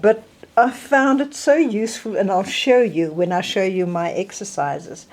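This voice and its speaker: A woman's voice: mid-range voice, darkish tone. An older South African woman with a South African accent, showing and explaining her hip surgery recovery tips in a casual, chatty way. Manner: slow, chatty, demonstrating objects. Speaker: vlogger sharing recovery tips. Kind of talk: casual show-and-tell.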